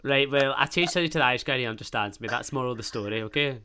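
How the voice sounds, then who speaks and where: A man's voice: medium pitch, very fast, very noisy. A man with a Glaswegian accent hosting a casual podcast, rambling on with swearing and self-mocking banter. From Scotland. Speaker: podcast host. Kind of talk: casual solo podcast chat.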